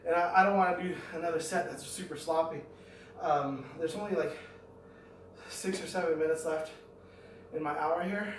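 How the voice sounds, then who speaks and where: Middle-aged male fitness vlogger, thinks out loud; roomy echo, faint ambience behind. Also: fairly high pitch, steady tone, moderate pace, long pauses, a little hiss or hum. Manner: rambling, thinking aloud between exercises. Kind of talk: talking through a home workout. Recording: echoey room, mic at a distance.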